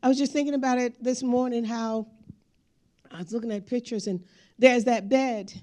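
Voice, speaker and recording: A woman's voice: a little high, steady tone, normal speed, mellow. A woman giving a speech, telling family stories while showing pictures. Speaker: speaker. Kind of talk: storytelling speech with slides.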